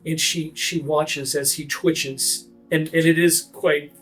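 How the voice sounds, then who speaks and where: A man's voice: fairly high pitch, takes it slowly, slightly rough, faint music behind. A man narrating vividly as game master of a tabletop game. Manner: vivid, energetic narration with frequent fillers.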